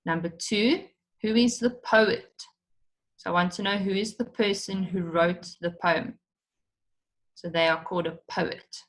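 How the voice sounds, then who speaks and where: Slow, patient woman teaching a lesson. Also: mid-range voice, fairly even intonation. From South Africa. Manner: patient, explains step by step, repeats questions. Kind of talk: recorded online lesson for children.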